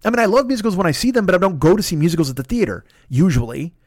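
Man, podcast host, solo comedic rant, profane, sarcastic, high voice, dry close sound. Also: animated, very fast, no echo.

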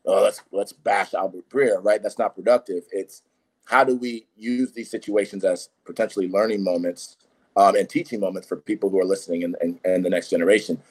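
Low-ish voiced podcast host guy, earnest, keeps saying right?. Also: steady tone, darkish tone, breathy edge. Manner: measured, earnest, frequent "right?" tags. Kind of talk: interview questions.

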